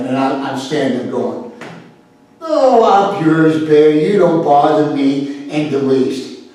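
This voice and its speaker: A blunt, animated man, middle-aged, talking as a self-defense instructor in a podcast monologue. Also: medium pitch. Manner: blunt, animated, swears freely. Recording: very echoey room, far from the mic.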